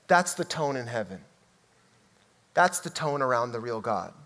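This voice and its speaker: A man's voice: mid-range voice, very animated, unhurried. Emphatic preaching man in a reverberant hall. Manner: emphatic, shifts from loud to hushed. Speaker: pastor. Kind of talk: sermon.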